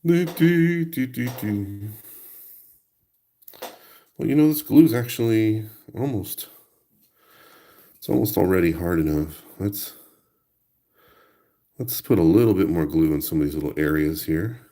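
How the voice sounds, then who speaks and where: Hosting a crafting video, a man chats playfully and talks to himself as he works, now and then humming little tunes. He has a deep, warm, animated voice, moving at a moderate pace with long pauses.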